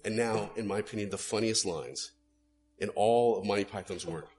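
A male pastor preaching a sermon, animated, swinging between loud emphasis and hushed asides. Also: lowish voice, moderate pace, a little hiss or hum.

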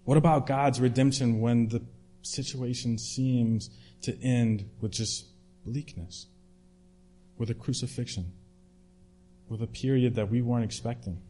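A man's voice: medium pitch, fairly even intonation, measured pace, mellow. A man preaching a sermon in a conversational way, retelling a story with restarts and fillers.

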